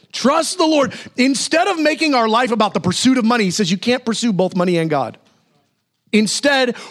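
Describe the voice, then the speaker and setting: Animated preaching man, high lively voice. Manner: animated preaching with sudden high exclamations and slow emphatic repetition. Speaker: pastor. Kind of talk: sermon.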